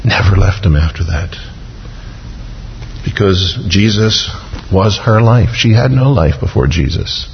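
A man's voice: sits low, animated, a little slow, creaky, long pauses. Man, preacher, dramatic sermon, long church reverb, faint background noise. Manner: dramatic, acts out biblical dialogue with humor. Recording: dull lo-fi recording with long reverb.

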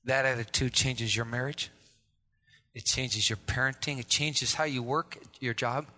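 A man preaching a sermon as a pastor, impassioned and rising to shouts. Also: mid-range voice, steady tone, normal speed, long reverb tail.

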